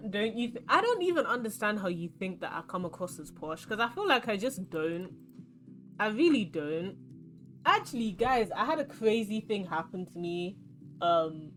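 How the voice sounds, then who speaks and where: A woman's voice: mid-range voice, fairly bright tone. Young woman, London accent, chatty streamer, rambling storyteller, faint music behind. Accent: London English. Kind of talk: casual chat while playing a card game.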